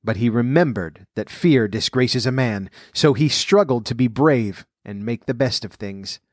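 A man narrating a fairy tale in a steady, even storybook reading. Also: medium pitch, a little slow, no echo, studio quality.

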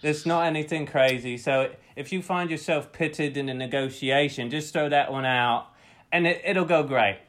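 A man playing a deadpan guest in a comedy sketch who talks a little high. He offers ridiculous invented sayings in a matter-of-fact, confident way. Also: normal speed. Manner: deadpan, offers absurd fake British sayings. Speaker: guest playing a British business contact.

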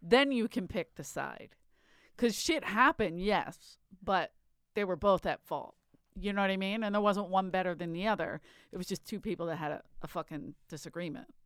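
A woman's voice: fairly low pitch, normal speed, fairly bright tone, clean tone, no echo, clean studio sound. A woman telling a story in frank, chatty casual conversation, swearing now and then. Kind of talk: casual chat.

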